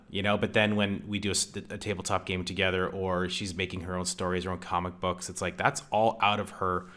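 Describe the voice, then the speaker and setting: Upbeat male podcast host, low-set but bright tone, chatty and laughing. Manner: enthusiastic, laughs often, says "man" a lot. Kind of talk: casual interview chat.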